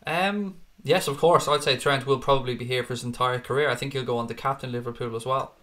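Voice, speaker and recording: A man's voice: mid-range voice, fairly even intonation, fast, fairly bright tone. A man in his thirties hosting a fan live stream, reading chat and answering in a blunt, chatty way, swearing freely and calling viewers mate.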